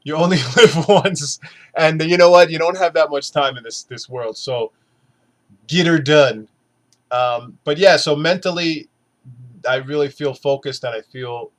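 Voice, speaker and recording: A man recording a casual motivational vlog, blunt and earnest, swearing often as he urges viewers to go easy on themselves. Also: mid-range voice. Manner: blunt, heavy swearing, earnest pep talk. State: three months after surgery. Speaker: weight-loss vlogger.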